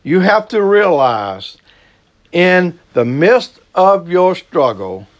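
A Cajun man from the American South preaches with a lively, swooping voice that climbs high on each push and sinks low and hushed to land a point. He speaks slowly and deliberately and keeps circling back to his key phrases. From Southern United States. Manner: emphatic preaching, repeats key phrases, drops to a low slow hush for stress. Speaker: pastor. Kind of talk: sermon.

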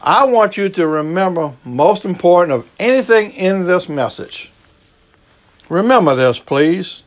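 A man with a Cajun accent from the American South, preaching a sermon with emphatic repetition and sudden low, slow drops for emphasis. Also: lively intonation. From Southern United States. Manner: emphatic preaching, repeats key phrases, drops to a low slow hush for stress. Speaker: pastor.

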